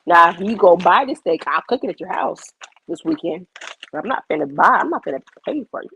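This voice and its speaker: A young woman chatting casually on a livestream, blunt and animated, cursing freely. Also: medium pitch, moderate pace, long pauses, slight background noise.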